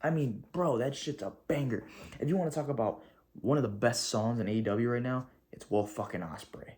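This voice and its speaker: A man talking through a wrestling show in a casual video review, excitable and gushing, swearing freely and rambling with slang. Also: medium pitch, brisk.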